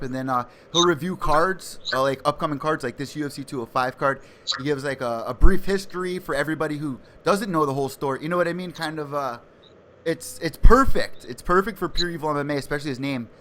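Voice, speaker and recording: Eager American podcast host. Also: male voice, a little high, slight background noise. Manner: eager, excitable. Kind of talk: casual sports chat.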